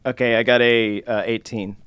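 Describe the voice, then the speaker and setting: A man's voice: medium pitch, flat delivery, normal speed, a bit bright, clear, resonant tone. Easygoing man at a game table. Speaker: player. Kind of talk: casual chat.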